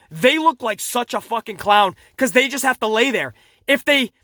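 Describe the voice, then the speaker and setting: Bright-voiced animated wrestling reviewer man. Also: very high voice, no echo, studio quality. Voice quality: animated, swearing, laughs at his own jokes. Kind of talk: casual profane commentary.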